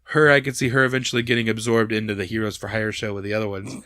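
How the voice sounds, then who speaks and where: A man's voice: on the low side, level tone, very fast, pushed and bright, dry recording, studio quality. A man co-hosting a podcast in casual chat, rambling with many fillers and restarts. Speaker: podcast co-host.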